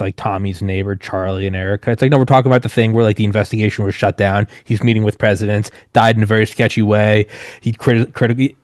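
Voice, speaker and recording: Man, podcast host, low voice, hesitant, dry close mic. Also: darkish tone, no room sound. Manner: hesitant, restarts often, agreeable. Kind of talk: casual conversational chat.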